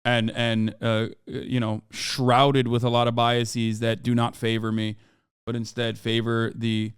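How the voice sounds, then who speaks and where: A man's voice: medium pitch, monotone, measured pace, smooth, dry recording, studio quality. A man in his thirties reacting to a video on his live stream, rambling casually with many restarts and casual swearing.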